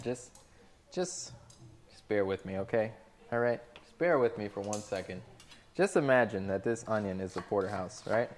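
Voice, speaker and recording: A man cooking on a livestream who talks to his chat and tells exasperated, profane stories about difficult restaurant customers. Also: on the low side. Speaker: restaurant cook streaming to chat. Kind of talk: casual livestream rant while cooking.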